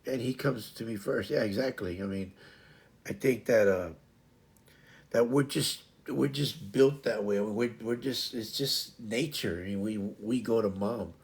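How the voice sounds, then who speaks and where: A man's voice: on the low side, unhurried. A man hosting a casual livestream chat, rambling and restarting his sentences often. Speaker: livestream host.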